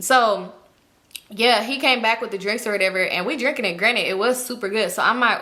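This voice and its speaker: Bright-voiced young woman telling a story. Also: medium pitch, a little fast. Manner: slangy, animated, acts out quoted people. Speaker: storytime vlogger. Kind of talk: casual storytelling.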